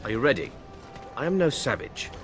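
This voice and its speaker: A man's voice: medium pitch, sing-song, a little fast, soft background music, lightly acted. An actor playing a proud male knight in a video game, speaking in a formal, stiff, honor-bound manner. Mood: solemn. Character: proud, stern male knight seeking a duel.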